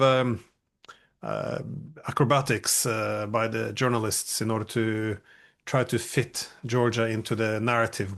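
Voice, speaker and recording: A man hosting an interview, speaking in a measured, analytical way with dry ironic remarks. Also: medium pitch. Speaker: podcast host. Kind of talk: conversational interview.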